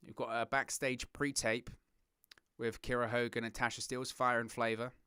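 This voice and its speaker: Bright, crisp Englishman calling wrestling. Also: mid-range voice, normal speed, dry recording, studio quality. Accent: southern English. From England. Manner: excitable play-by-play, giggles at puns, reads chat. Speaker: watch-along host. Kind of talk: live wrestling commentary.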